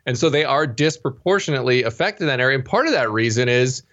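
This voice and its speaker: A man's voice: mid-range voice, lively intonation, fast, fairly bright tone. A man appearing as a guest on a political talk podcast, speaking animatedly and acting out quoted voices. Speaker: guest, managing editor. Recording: slightly dull remote audio.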